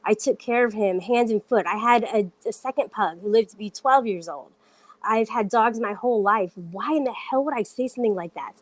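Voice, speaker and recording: A woman's voice: a little high, brisk. A woman on a casual livestream, talking straight to viewers in an indignant, defensive way, stressing her denials.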